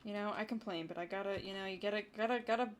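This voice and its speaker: A chatty woman streamer talks through her game at a desk mic, in a mid-range voice that addresses her viewers directly. She keeps up a loose, running commentary and slips into quick whispers now and then. Faint keyboard typing runs underneath. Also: mid-range voice, slight background noise. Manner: chatty, talks to chat, drops into brief whispered asides. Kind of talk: casual gaming livestream commentary.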